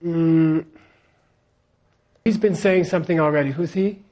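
A man's voice: on the high side, fairly even intonation, measured pace, mellow. A man teaching a class on scripture, leading the students in repeating lines and checking in with them again and again. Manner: leads call-and-response repetition.

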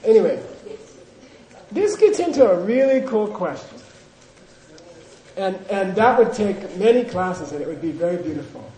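A man's voice: high-pitched, lively intonation, moderate pace, long pauses, warm tone. A man teaching a language class, drilling pronunciation and joking with his students. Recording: echoey room with class audience.

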